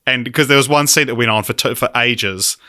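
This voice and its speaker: A man hosting a podcast in casual film chat, easygoing and thoughtful, with "um" pauses. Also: medium pitch, pushed and bright, no room sound, studio quality. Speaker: podcast host.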